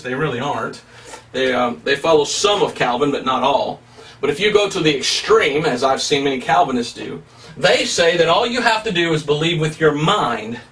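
A man's voice: on the high side, fairly bright tone, distant mic. A male pastor preaching a sermon, emphatic and plain-spoken, asking rhetorical questions as he teaches.

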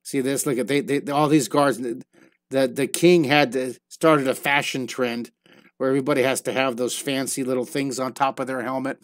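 A man's voice: mid-range voice, fairly even intonation, normal speed, dry recording, clean studio sound. A man teaching a live online drawing lesson, chatting playfully and telling silly stories as he draws. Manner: playful, storytelling while drawing.

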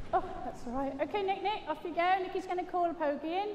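A woman's voice: very high voice, a little mellow, slight background noise. A British woman giving a gundog training demonstration, chatting jokily with the crowd and praising her dogs as she explains. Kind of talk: live commentary over a loudspeaker. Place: large indoor arena. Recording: echoey arena PA from far off.

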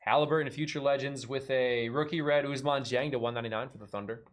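A man's voice: mid-range voice, fairly even intonation, quick pace, slight background noise. A man hosting a live card break, rattling off card names and joking between pulls.

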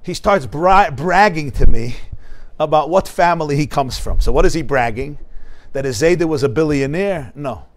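Rabbi, male, high pitch, animated storyteller who voices the people in his anecdotes and poses rhetorical questions to his class. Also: moderate pace. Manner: animated storytelling, acts out dialogue; explains Hebrew terms with rhetorical questions. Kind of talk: Torah class lecture. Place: study hall in front of a live class.

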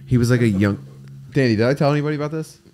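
Male co-host, quick-talking, jokey interjections, casual podcast chat. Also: medium pitch, mellow. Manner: rapid, joking interjections.

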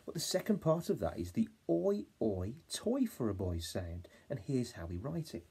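A man with an English accent teaching a phonics lesson to young children, encouraging them and sounding out words slowly. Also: mid-range voice, sing-song, mellow, husky. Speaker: reception class teacher.

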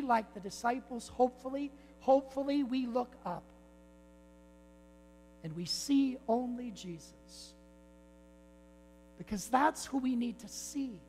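A man, a priest, preaching a sermon with repeated rhetorical phrases and calls to "my friends". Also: very high-pitched. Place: church. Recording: long church reverb with faint mains hum.

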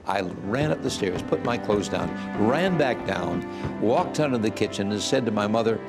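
A man's voice: lowish voice, expressive, moderate pace, creaky. A man in his eighties, a guest earnestly telling his life story and acting out the voices he quotes. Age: 80s. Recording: music playing under the voice. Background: soft music.

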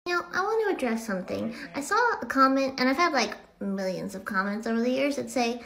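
A young woman vlogging to camera in a casual, rambling way, with a high voice that sounds like it comes from someone small. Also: expressive, fast, gravelly, few pauses, fairly bright tone. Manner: chatty, rambling with many "like"s. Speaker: content creator. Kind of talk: casual talking-to-camera vlog.

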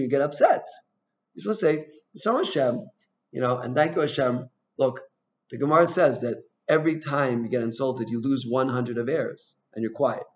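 A man teaching an informal Torah class, chatty and full of "you know", telling personal stories and asking his listeners questions. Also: mid-range voice. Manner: asks the audience questions. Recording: dull lo-fi recording.

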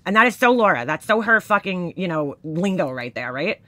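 A woman's voice: mid-range voice, animated, moderate pace, few pauses, pushed and bright, no echo. A woman hosting a casual drama commentary, reading screenshots of texts aloud with blunt, profane, sarcastic asides.

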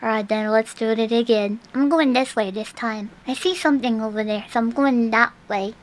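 This is live gameplay commentary from a young woman playing a horror game, her voice on the high side and her speed normal against a noisy background. She shifts jumpily between whispers and shrieks, mixing in Japanese words.

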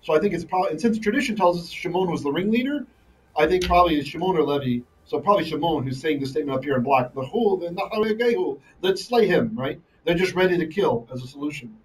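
A man's voice: a little high, fast, far from the mic, rough recording. A man teaching a live online Bible lesson, reading Hebrew verses and translating them line by line, often checking in with "right?". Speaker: Torah teacher.

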